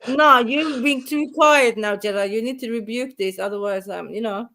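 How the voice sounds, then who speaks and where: A woman's voice: on the high side, normal speed, bright, forceful tone. A woman joking bluntly and swearing freely in casual live panel banter.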